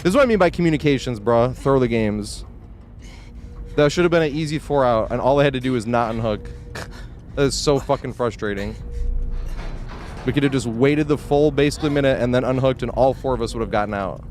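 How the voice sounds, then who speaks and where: A man streaming a game live, ranting in exasperation with frequent swearing and yelling at the screen in bursts. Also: mid-range voice, a little fast, faint music behind. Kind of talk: live gameplay commentary.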